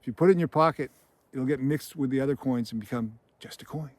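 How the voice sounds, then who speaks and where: A man retelling a film scene, voicing a calm, menacing male killer who toys with his victim in an unhurried, deadpan way. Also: mid-range voice, no room sound, close to an everyday voice. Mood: coolly menacing. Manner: quiet, measured, deadpan menace.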